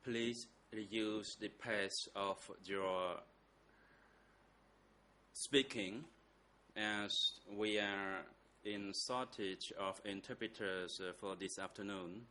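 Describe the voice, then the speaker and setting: Judge guy, slow halting announcement, low voice, faint hiss in the room. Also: fairly even intonation, sharp tone. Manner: slow, halting, with many fillers. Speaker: presiding judge. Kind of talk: formal courtroom announcement.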